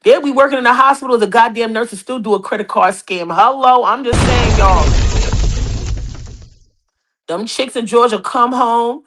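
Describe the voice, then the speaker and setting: A woman's voice: on the high side, fairly bright tone. A woman with a New York accent hosting a podcast, dishing celebrity gossip in brash, profane, mocking casual chat. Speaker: podcast host.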